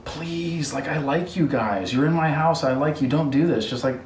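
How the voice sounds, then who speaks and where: A man's voice: fairly high pitch, normal speed, darkish tone, far from the mic, voice pushed up, lightly acted. A man doing a pleading ancient king. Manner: coaxing, casual modern slang. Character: boastful ancient male king, pleading then furious. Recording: roomy sound from off-mic.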